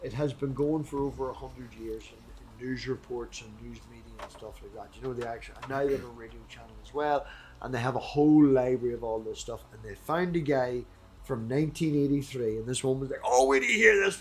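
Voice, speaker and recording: Man, Irish accent, casual debate host, rambling, swears a lot, tangents, slow scripture reading. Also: mid-range voice.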